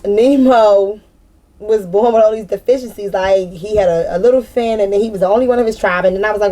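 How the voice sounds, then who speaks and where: A woman giving a casual spiritual card reading to her viewers, rambling, excitable and full of slang, breaking into loud laughter. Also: medium pitch, brisk, rough recording. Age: adult with a daughter. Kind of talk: casual tarot-style collective reading.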